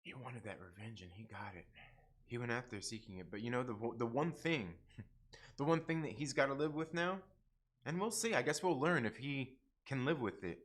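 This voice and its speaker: A young man hosting a casual livestream review, excitable, repeating himself and swearing often. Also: medium pitch, normal speed. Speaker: YouTube show host reviewing TV episodes.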